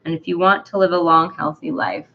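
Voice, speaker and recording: A woman hosting a live book club, reading aloud haltingly, stumbling over long words with many ums and uhs. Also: lowish voice, little pitch movement, creaky, highs cut off, a little hiss or hum.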